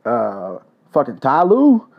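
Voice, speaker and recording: A man's voice: mid-range voice, huge pitch swings, slow pace, creaky, muffled recording. A man from Louisville, hosting a solo podcast and ranting in a loose, joking, heavily profane way. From Louisville, Kentucky. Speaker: podcast host.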